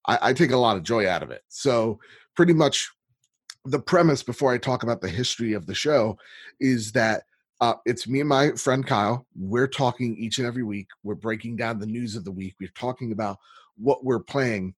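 A man chatting on a podcast about his own gaming show. His voice is a bit husky, and the recording is dry and close. He talks in an animated way, swears casually and laughs easily. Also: medium pitch, moderate pace, dry recording. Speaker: guest, gaming podcast host.

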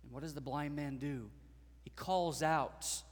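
A man preaching a sermon as pastor, swelling into dramatic, loud passages and acting out voices from the stories. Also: a little high, normal speed, big-room sound.

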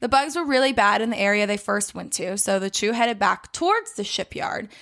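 A woman's voice: medium pitch, expressive, a little fast, a bit bright. A young adult woman co-hosting a podcast, telling a story in casual chat with lots of fillers and some swearing. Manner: chatty, swearing, many "like" fillers. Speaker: podcast co-host.

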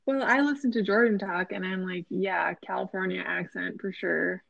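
A young woman with a Minnesotan accent chatting casually as a podcast co-host, full of fillers and quick laughs. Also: mid-range voice, fairly even intonation, gravelly, a bit bright, no room sound, muffled recording. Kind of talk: casual chat.

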